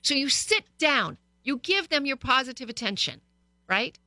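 Woman, radio host, bright tone, dry close studio mic, lively storytelling advice. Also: high-pitched, normal speed, no room sound. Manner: lively, storytelling, direct to listeners. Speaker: radio talk show host. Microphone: studio microphone.

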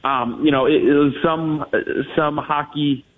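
A man's voice: fairly high pitch, fairly even intonation, unhurried. A man analysing hockey as a guest in a radio interview, talking in long runs full of restarts and fillers. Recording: tinny phone line on radio.

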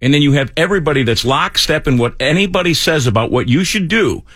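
Talking fast in a slightly high voice, the man fills in as host of a morning talk radio show. The dry studio-mic recording captures his lively humor and self-mocking jokes.

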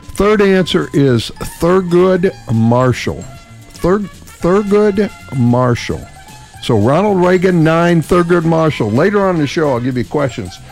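A male radio host from chats in a slow, gravelly voice that swings widely in pitch. He laughs easily and brags with a grin. Faint music sits under him. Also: lively intonation, darkish tone. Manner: laughs often, boastful and playful. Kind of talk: casual radio chat.

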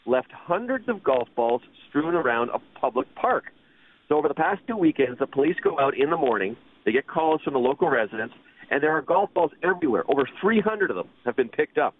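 Guy in his 50s on golf radio, chatty, laughs a lot, tinny phone-line sound. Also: mid-range voice. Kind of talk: casual radio chat.

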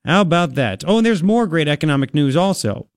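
A man hosting a talk radio show in a studio, excitable and rambling, with lots of exclamations. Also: on the high side, fairly quick, no echo. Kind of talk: animated talk radio banter.

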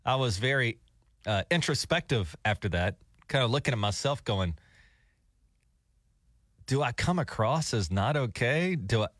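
A middle-aged man hosts a morning radio show, telling a rambling, self-deprecating story as casual banter. His medium-pitched voice is expressive and fairly bright, at a moderate pace with frequent pauses. The studio microphone gives clean sound with no echo.

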